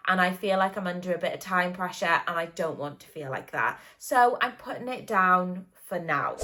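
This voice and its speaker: A woman's voice: lowish voice, moderate pace, bright, forceful tone. A young British woman chatting at home in a casual book vlog, bubbly and gushing, with lots of likes and ums. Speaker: book vlogger.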